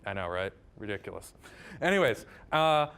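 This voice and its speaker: A man's voice: on the low side, sing-song, normal speed, fairly bright tone, smooth. A man giving a casual math lecture. He chats, drifts into tangents and keeps checking in with "right?".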